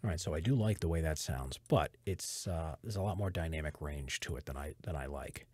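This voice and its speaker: In a husky bass voice, talking a little fast with no echo, an American voiceover artist gives a casual behind-the-scenes rundown of his home studio audio setup. He speaks into a studio microphone, rambling and correcting himself in relaxed tech talk.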